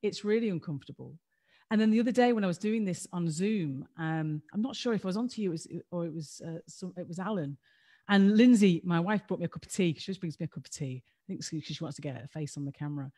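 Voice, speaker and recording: A woman's voice: on the low side, expressive, quick pace, warm tone. A woman co-hosting a livestream, talking candidly and self-deprecatingly in a rambling way over a video call. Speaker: co-host.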